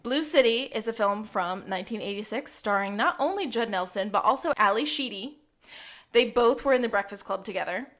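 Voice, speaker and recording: A woman co-hosting a chatty podcast, rambling through a recap with plenty of filler words. She laughs easily, and her voice sits at an ordinary middle pitch. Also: expressive, fairly quick, fairly bright tone. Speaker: podcast co-host. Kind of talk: casual chat.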